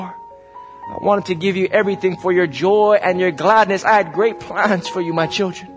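A heartbroken God pleads with his lost children in a high, raised, imploring voice, as a preacher puts him on in his sermon. The tone is tearful and aching. Soft music plays faintly behind. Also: big-room sound. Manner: tearful, imploring, rising intensity. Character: pleading grief-stricken God speaking to the lost.

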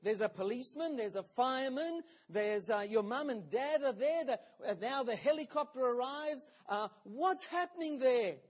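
A man's voice: very high voice, expressive, normal speed, hardly any pauses. A man voicing a frustrated company boss on the phone, pleading and insistent. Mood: urgent. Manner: urgent, pleading, insistent questions.

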